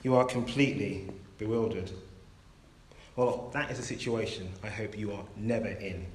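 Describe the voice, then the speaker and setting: A man preaching a sermon, telling a story in a measured, gentle way. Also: lowish voice, steady tone, slight background noise. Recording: roomy echo.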